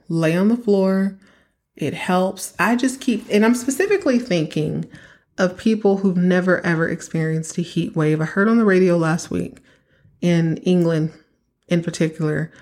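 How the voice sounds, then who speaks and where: A woman's voice: fairly low pitch, darkish tone. A young woman from Texas hosting her own podcast, chatting casually and giving emphatic advice straight to her listeners. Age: young adult. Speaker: podcast host. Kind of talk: casual solo podcast monologue.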